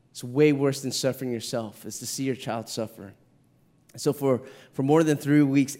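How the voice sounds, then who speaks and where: A middle-aged man, a pastor preaching a heartfelt sermon, earnest, stumbling and repeating words as he tells a personal story. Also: a little mellow. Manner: earnest, repeats words when moved, rises to an impassioned pitch in the story.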